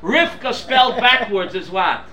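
A man teaching a Bible class, quizzing his students with questions in an animated way. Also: high-pitched, unhurried, a crowd in the background. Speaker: Torah teacher.

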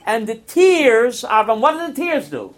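A man's voice: extremely high pitch, big pitch swings, unhurried. A man giving a Torah class as a rabbi, quizzing his students and acting out parables.

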